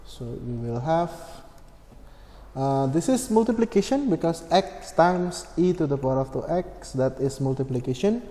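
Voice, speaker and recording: A man explaining a maths problem step by step, slow and methodical, with many fillers and self-corrections. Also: a little high, animated, dark tone. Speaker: maths tutor. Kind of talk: screen-recorded maths lesson. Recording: echoey room with long reverb, faint hum.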